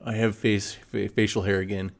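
A man's voice: on the low side, level tone, moderate pace, creaky, slight background noise. A man co-hosting a podcast in casual chat, easygoing and a bit hesitant, chuckling now and then. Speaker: podcast co-host.

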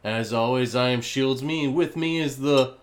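A man hosts a casual podcast at the end of a long week. He sounds tired and talks in a loose, unhurried way, often restarting his sentences. His voice sits in the middle range. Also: medium pitch. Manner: loose, relaxed talk with restarts. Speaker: podcast host.

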